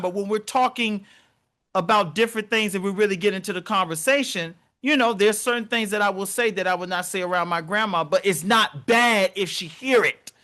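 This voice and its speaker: A young man co-hosts a podcast in loose, animated conversation, acting out the people he quotes. His voice sits high and rings bright. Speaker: podcast co-host. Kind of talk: casual conversation.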